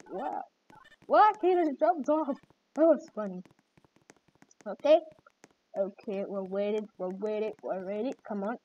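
A woman hosting gameplay commentary, excitable and reacting with repeated exclamations. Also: on the high side, slow pace, long pauses. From Jamaica. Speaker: gaming channel host. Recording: dull lo-fi mic with faint noise.

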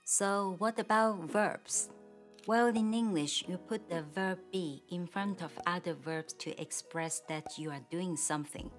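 Female language teacher, calm step-by-step explanations, slightly low voice, takes her time. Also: soft background music. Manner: slow, clear, patient explanation with model sentences. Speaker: Mandarin teacher. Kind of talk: grammar lesson.

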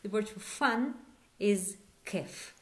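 A woman teaching a Hebrew lesson in English, patient, repeating words slowly and asking questions. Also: mid-range voice. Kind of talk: online language lesson.

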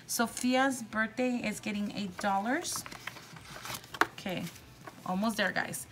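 A woman vlogger chatting casually while counting cash out loud, excitable and upbeat. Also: mid-range voice, takes it slowly, a little hiss or hum, low-quality recording. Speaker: budgeting vlogger.

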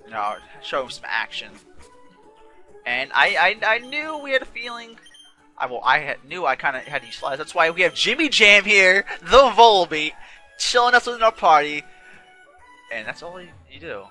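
A man with a very bright, forward voice talks over a video game, chatty and rambling, often restarting his sentences. He sounds a little tired, with game music faint behind him. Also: high voice, sing-song, moderate pace. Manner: rambling, self-correcting, chatty. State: yawning, a bit tired. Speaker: let's play host. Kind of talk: casual gameplay commentary.

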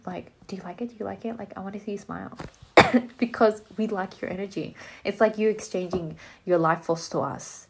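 A young woman with an Australian accent runs a live tarot reading, talking straight to her viewers in a loose, chatty way. She is blunt and jokey and drops the odd curse. Her voice sits a little low for a woman. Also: background noise. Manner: casual, chatty, blunt, swears and jokes. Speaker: tarot reader.

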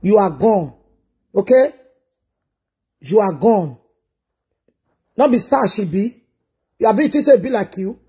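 A woman's voice: mid-range voice, animated, takes it slowly, long pauses, mellow, slightly rough. A woman with a Nigerian accent ranting bluntly in a casual vlog, scolding commenters in heavy pidgin.

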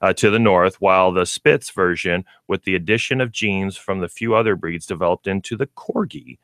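Guy on a pet radio show, kinda low voice, stumbles reading stuff, dry studio sound. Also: fairly bright tone, dry recording. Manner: reads haltingly, stumbles over words. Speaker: co-host, pet store representative. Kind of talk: casual radio chat.

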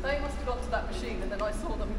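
A woman's voice: fairly high pitch, rapid-fire, recorded from a distance. Giggly woman, heard from off-mic. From England. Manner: giggly, brief replies. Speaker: vlog co-host. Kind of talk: casual vlog chat. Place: car and shopping centre. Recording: off-mic with loud traffic noise.

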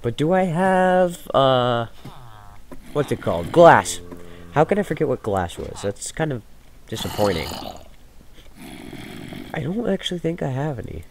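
Excitable man narrating his own gameplay. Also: measured pace, creaky, pauses often. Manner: swings between loud excited shouts and low mumbled asides. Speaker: gaming video host. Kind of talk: casual let's-play commentary. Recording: noisy home gaming recording.

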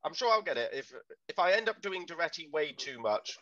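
Bright-toned male game master, chatty, self-deprecating, slightly dull mic. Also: fairly high pitch, sing-song, brisk. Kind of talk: tabletop game stream chat.

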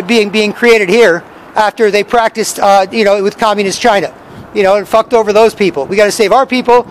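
A man rants outdoors in a city square, rambling and profane, circling back over the same points. His voice sits strikingly high for a man, and his words tumble out quickly. Faint traffic noise hums behind him. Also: poor audio. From Canada. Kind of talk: street vlog rant.

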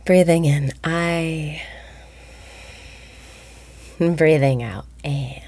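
Slow, deep-voiced woman guiding meditation. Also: steady tone. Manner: slow, soft-spoken, often breathy and whispered. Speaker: meditation guide. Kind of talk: guided meditation.

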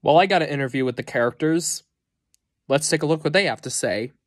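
Deadpan sarcastic movie reviewer. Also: mid-range voice, fairly quick. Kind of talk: casual comedic review monologue.

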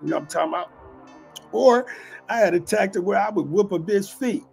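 A man's voice: sits high, animated, a little fast, gravelly, a little mellow, soft background music. A man hosting his own channel, telling a long street story in a profane, streetwise way and often asking if you follow him. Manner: profane, streetwise, keeps asking "you know what I'm saying". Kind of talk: casual storytelling monologue.

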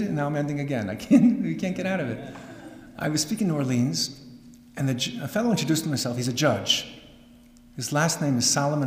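Animated man telling a story in an echoey hall. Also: a little high, slight background noise. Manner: dramatic, animated storyteller with wry asides. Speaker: rabbi and lecturer. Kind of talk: storytelling lecture. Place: synagogue hall. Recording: echoey hall with long reverb.

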